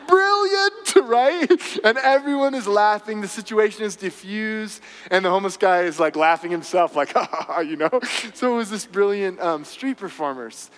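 A man telling lively stories to a live audience, chatty and animated, often checking in with them. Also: high-pitched, normal speed, in a large hall. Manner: animated, chatty, frequent tag questions and fillers. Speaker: speaker addressing a live audience. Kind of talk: storytelling talk to an audience.

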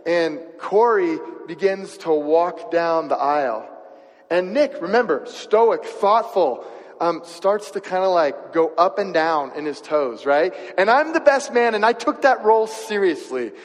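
High-voiced man preaching in an echoing hall. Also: lively intonation, a little slow. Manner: conversational, asks the audience questions. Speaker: pastor. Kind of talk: sermon with personal storytelling.

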